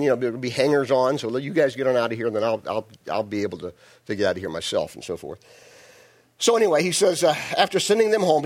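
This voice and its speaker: A male pastor giving a sermon, telling the story in a folksy, joking way with many restarts. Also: on the high side.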